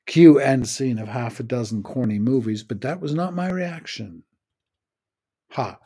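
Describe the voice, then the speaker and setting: A man's voice: mid-range voice, lively intonation, unhurried, warm tone, slightly rough. A man in his sixties, raised in the United States, giving a wry, opinionated spoken essay on his own podcast.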